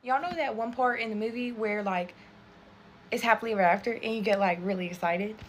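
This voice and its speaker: A young woman in her twenties telling a storytime while getting ready, animated and swearing constantly. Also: fairly high pitch, fairly quick, slight background noise. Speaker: TikTok storyteller. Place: bedroom.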